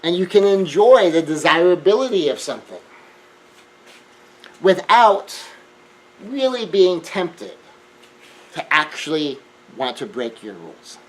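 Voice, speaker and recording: A man's voice: fairly high pitch, big pitch swings, unhurried, long pauses, poor audio. Earnest man giving a self-help talk. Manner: earnest, emphatic, shifts between hushed and raised. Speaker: speaker.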